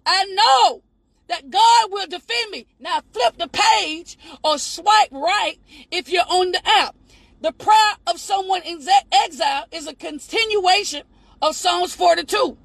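A woman preacher with a very high voice and a gravelly edge, delivering a fervent sermon. She shouts her points and cries out to God between lines. The sound is dry and close. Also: no room sound, rough recording.

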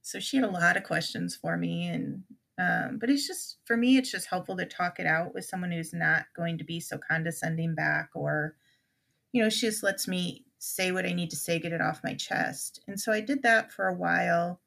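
A woman's voice: lowish voice, normal speed, creaky, a bit bright. A middle-aged woman, a podcast guest, telling an emotional personal story with many restarts and quoted conversations.

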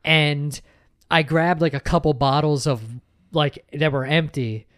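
A young man, co-hosting a podcast and telling a story in a casual, animated way, swearing and mocking himself. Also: a little high, a little slow, clear, resonant tone, no room sound, clean studio sound. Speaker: podcast co-host. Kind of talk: casual chat.

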